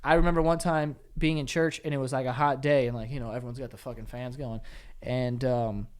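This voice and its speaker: A man's voice: medium pitch, fairly quick, clear, resonant tone. Man rambling through a story on a podcast. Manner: rambling, profane, animated storyteller. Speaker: podcast co-host.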